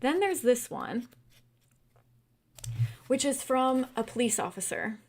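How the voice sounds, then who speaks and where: A young woman from California hosting a casual livestream book discussion, animated and quick to laugh and get worked up. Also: on the high side. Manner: animated, laughs often, gets heated and incredulous. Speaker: book club host.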